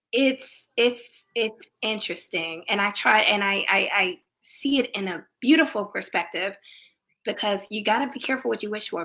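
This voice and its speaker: Bright-voiced woman telling a candid story. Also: mid-range voice. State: recovering from throat surgery. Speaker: musical theater performer. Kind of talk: casual conversation.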